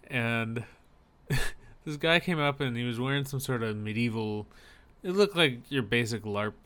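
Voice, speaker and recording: A man's voice: mid-range voice, fairly bright tone, clean tone. A young man co-hosting a podcast, chatting casually and telling a story while acting out the people in it. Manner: storytelling, acts out quoted people. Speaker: podcast co-host. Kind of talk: casual chat.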